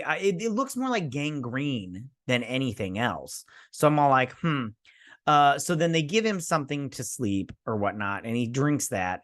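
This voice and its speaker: Another episode recap from the same review-show host, this time in a mid-range, fairly bright voice recorded dry and clean in a studio. He stays loose and slangy with many fillers, casually voicing characters' lines as he retells scenes.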